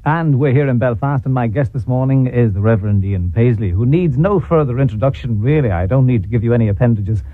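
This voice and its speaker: A man's voice: medium pitch, quick pace, few pauses, no room sound. A man hosting a radio talk show, chatty and probing with his guest. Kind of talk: radio interview. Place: radio studio. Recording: dry tinny 1980s radio broadcast.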